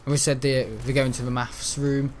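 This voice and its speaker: A man's voice: medium pitch, little pitch movement, normal speed, a little hiss or hum. A young man, chatting casually and telling school stories while gaming. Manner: chatty, storytelling, mimics the people he talks about. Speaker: gaming channel host. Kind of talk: casual rambling chat over gameplay.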